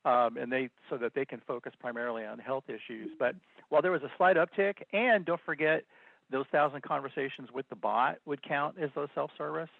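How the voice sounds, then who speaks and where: Gravelly man on a tinny line. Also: mid-range voice, a little fast, no echo. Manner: hesitant, many fillers. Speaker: city department head. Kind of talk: budget hearing presentation.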